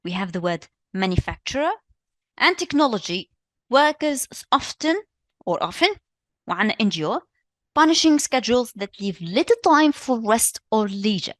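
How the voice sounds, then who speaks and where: A woman's voice: a little high, big pitch swings, normal speed, dry recording. Tunisian woman teaching, dry close sound. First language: Tunisian Arabic. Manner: encouraging, repeats praise and answers. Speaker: English teacher. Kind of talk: live online exam revision lesson.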